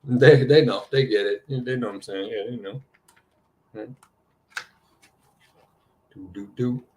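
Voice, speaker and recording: A man hosting a spiritual card-reading show, talking in a loose, rambling way that is full of "you know" and "right?", and getting excited as he goes. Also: mid-range voice, a little slow. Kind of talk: rambling casual chat.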